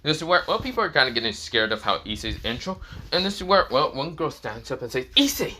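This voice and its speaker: Young man, improvised fan story narration, rambling, bright voice. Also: mid-range voice, very animated, fairly quick. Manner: rambling, full of fillers and restarts.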